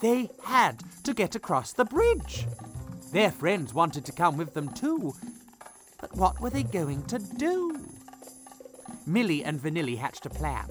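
Playful storyteller man. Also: on the high side. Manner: playful, expressive, silly. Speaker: children's podcast storyteller. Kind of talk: comic storybook narration.

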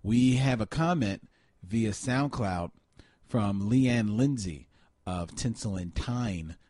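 A man's voice: on the low side, slow, darkish tone, no room sound. Man, casual podcast co-host, hesitant filler-heavy delivery, dry studio sound. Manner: reads listener comments, many fillers. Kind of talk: casual chat.

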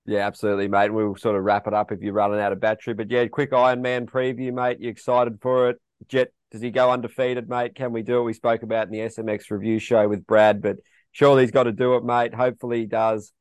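An Australian man co-hosts a casual chat show, talking fast in a fairly low voice. He is matey and keeps lobbing questions over to his partner. The sound is dry and close. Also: level tone, clear, resonant tone, no room sound. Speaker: podcast co-host.

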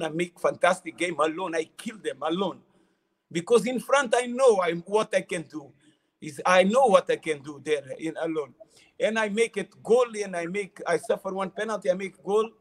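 A man with a high speaking voice tells his football stories in halting, non-native English. He repeats words, laughs often and keeps the casual tone of a relaxed interview. He sounds middle-aged. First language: not English. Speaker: former footballer, interview guest.

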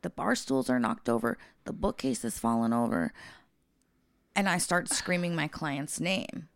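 Casting: low-pitched woman with a gravelly edge, blunt and profane, dry close mic. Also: big pitch swings, unhurried, no echo. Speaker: podcast co-host. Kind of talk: casual storytelling chat.

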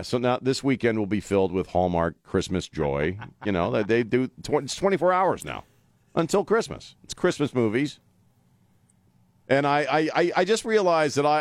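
Animated blunt talk radio host man. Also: fairly low pitch, no room sound. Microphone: studio mic.

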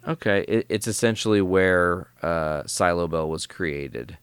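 A man's voice: sits low, a little slow, smooth, no echo. A man co-hosting a podcast, casually recapping a comic story in a rambling, filler-heavy way. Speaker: podcast co-host.

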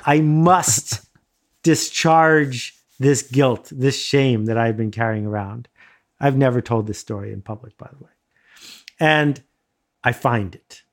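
A middle-aged man casually telling a self-mocking anecdote in lively bursts. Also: medium pitch, slow. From United States. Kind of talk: casual storytelling.

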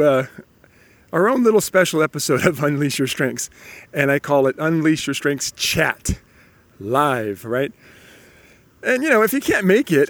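An upbeat man hosts his own podcast, talking chattily with a slight cold in his voice. His pitch sits a little high for a man, and he often restarts his sentences. The sound is dry and close, with no room echo. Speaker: podcast host. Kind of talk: solo motivational podcast talk.

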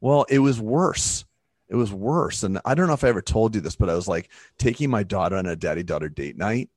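Podcast co-host, male, fairly low voice, dry close sound; animated storyteller who acts out the voices he quotes. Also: fairly quick, no room sound. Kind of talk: casual podcast chat.

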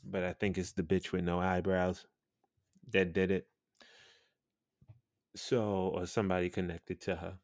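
Deep-voiced profane man telling stories. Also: little pitch movement, unhurried, long pauses, a little mellow, no room sound, studio quality. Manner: blunt, profane, laughing storyteller. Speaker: podcast host and radio personality. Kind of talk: casual storytelling podcast.

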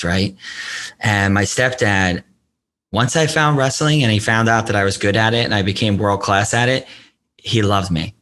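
A man's voice: lowish voice, fairly bright tone. A man who coaches men, talking as a podcast guest and telling personal stories in an earnest, open way. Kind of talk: casual conversation.

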